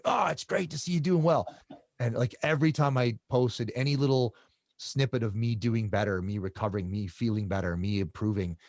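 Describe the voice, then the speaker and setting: A middle-aged man telling stories in a casual interview, halting and often repeating his words as he restarts sentences. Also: fairly low pitch, a little mellow, no echo, studio quality. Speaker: guest.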